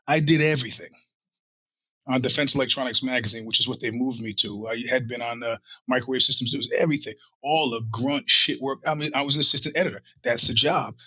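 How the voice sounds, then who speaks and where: Husky, animated male podcast host. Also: medium pitch, fast talker. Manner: animated, profane, acts out quoted voices. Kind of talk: casual storytelling monologue.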